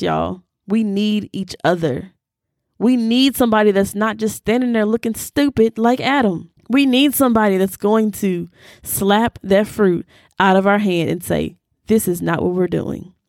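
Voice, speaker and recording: A young woman hosting a Bible teaching podcast speaks at medium pitch, unhurried and creaky, in clean studio sound with no echo. She preaches animatedly and conversationally, dropping casual Southern slang like "y'all."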